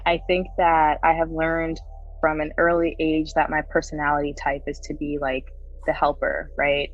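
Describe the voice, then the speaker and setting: Chatty woman guest, lowish voice. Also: dull audio. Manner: chatty, laughs often, frequent "right?" tags. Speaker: podcast guest. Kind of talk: casual interview storytelling.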